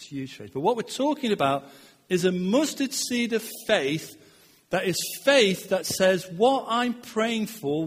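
High-voiced preacher in a reverberant hall. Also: male voice, breathy edge. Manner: earnest, repeats words, voice swells and drops. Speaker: pastor. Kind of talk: sermon.

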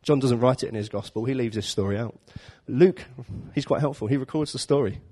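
A man's voice: medium pitch, fairly quick, dark tone, slightly rough. Chatty man preaching. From London. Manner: chatty, jokey storytelling with acted-out voices. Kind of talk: informal sermon.

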